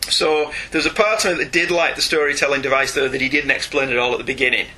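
A man co-hosting a casual podcast, sarcastic and self-mocking, talking in an animated way. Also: mid-range voice, quick pace, rough recording. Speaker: podcast co-host. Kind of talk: casual comic book podcast chat.

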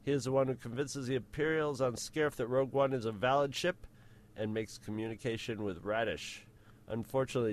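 A man's voice: medium pitch, brisk. A man co-hosting a podcast, casually reading listener feedback aloud and rambling through his own asides. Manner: rambling, self-correcting. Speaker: podcast co-host.

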